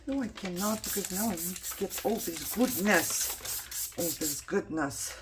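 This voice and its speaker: A woman's voice: on the low side, measured pace, background noise. A woman vlogger chatting casually to herself and viewers as she works on a craft project, joking about how tired she is. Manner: chatty, self-mocking, talks to herself while working.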